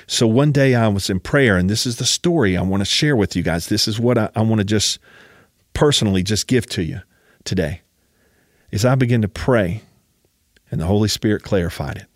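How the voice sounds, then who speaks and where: A man's voice: on the low side, fairly quick, no room sound, clean studio sound. Emphatic man preaching a personal story. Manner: emphatic, keeps urging listeners to listen. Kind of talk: sermon storytelling.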